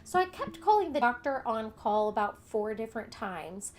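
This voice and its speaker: A woman's voice: fairly high pitch, big pitch swings, moderate pace, slight background noise. A young adult woman vlogger candidly telling a personal story in casual conversation, acting out what others said. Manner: candid, conversational, retells events with quoted dialogue.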